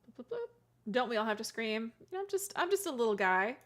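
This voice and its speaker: A woman's voice: fairly high pitch, very animated, fast, a bit bright. A woman streamer chatting casually with her live chat, giggly and self-deprecating, often restarting her words. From California.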